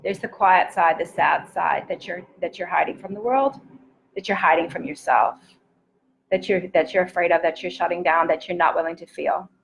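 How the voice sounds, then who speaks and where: A woman coach speaking live to her viewers in an earnest, intimate and encouraging way, sometimes dropping to a soft near-whisper. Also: lowish voice, moderate pace, gravelly, rough recording. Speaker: self-love coach. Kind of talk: live-streamed motivational talk.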